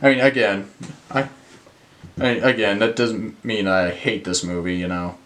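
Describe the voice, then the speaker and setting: A man's voice: lowish voice, fairly even intonation, measured pace, fairly bright tone. A young man reviewing films in a casual rant, exasperated, swearing and using lots of fillers. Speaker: movie reviewer.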